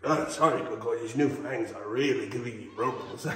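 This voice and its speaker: A man's voice: medium pitch, moderate pace, a crowd in the background, voice pushed down, lightly acted. A man playing a campy fanged male vampire lord with a put-on vampire accent, theatrical and cackling, outdoors on a ranch. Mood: hammy. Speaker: wildlife ranch owner. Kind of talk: comedic in-character vlog.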